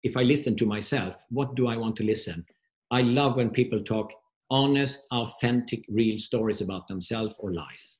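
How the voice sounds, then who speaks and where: A man's voice: medium pitch, normal speed. Middle-aged swedish guy telling stories on a podcast, heavy restarts, swedish accent. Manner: warm storyteller, many restarts. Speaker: guest, performance coach. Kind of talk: casual storytelling interview.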